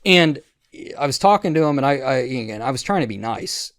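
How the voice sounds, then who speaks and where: A man's voice: mid-range voice, lively intonation, brisk, a bit bright, dry recording. A man hosting a podcast, telling a rambling, profane story with lots of restarts and quoted voices. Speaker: podcast host. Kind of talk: casual storytelling chat.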